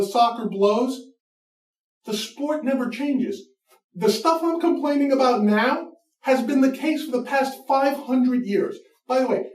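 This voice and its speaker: A man's voice: very high-pitched, darkish tone. A man hosting a comedy show, ranting in a mocking, profane, emphatic way. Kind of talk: comedic rant. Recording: echoey room, mic far off.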